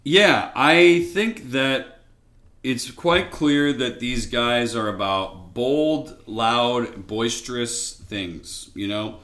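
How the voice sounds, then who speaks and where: A man's voice: mid-range voice, drawn-out words, a bit bright. Beer podcast cohost guy, rambly earnest stories, echoey room sound. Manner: earnest, rambling storyteller with lots of "like". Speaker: podcast co-host. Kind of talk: casual beer-tasting chat.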